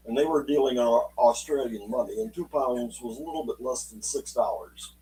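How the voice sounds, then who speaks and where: A man telling a true story aloud in an unhurried, folksy way, voicing the people in it as he goes. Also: mid-range voice, dark tone, distant mic, low-quality recording. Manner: unhurried, folksy, acts out quotes in dialogue. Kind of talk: spoken oral storytelling.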